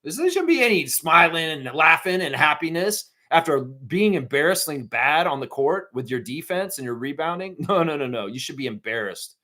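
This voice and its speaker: A man's voice: a little high, big pitch swings, normal speed, hardly any pauses, pushed and bright. A middle-aged man hosting a live fan stream, ranting profanely and reading out chat messages.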